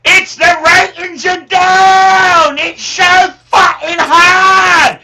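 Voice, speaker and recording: A man doing a shouting, whining Cockney accent as a complaining man. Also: very high-pitched, little pitch movement, extremely slow, far from the mic, pitched above the performer's own voice, heavily acted, low-quality recording. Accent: Cockney, put on. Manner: shouting, crying whine.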